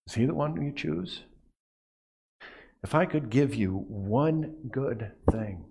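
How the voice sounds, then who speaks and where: Earnest male pastor preaching softly. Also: mid-range voice, lively intonation, takes it slowly, creaky, pauses often, slightly rough. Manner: earnest, drops to a hush on key phrases, repeats words. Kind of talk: sermon.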